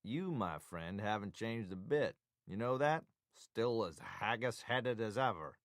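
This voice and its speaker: Guy reading as a teasing texas doc, drawly and loud, dry sound. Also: lowish voice, animated, a little slow, dry recording. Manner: teasing, wisecracking. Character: joking male doctor, old friend, Texas drawl.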